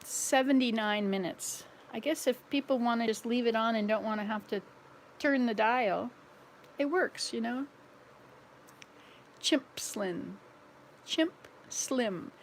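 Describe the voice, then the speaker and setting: A woman's voice: a little high, moderate pace, a little hiss or hum. A woman in her sixties, chatting casually at home as she walks around, rambling and playful, laughing at her own slip-ups. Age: 60s. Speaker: vlogger. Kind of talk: casual home vlog chat. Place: at home, walking from room to room.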